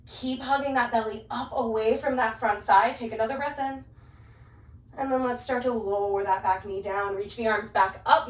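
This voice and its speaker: In a roomy recording captured from a distance, a woman leads a guided yoga class, calmly cueing poses in time with the breath. Her voice is a little high, and she's slightly out of breath from practicing along.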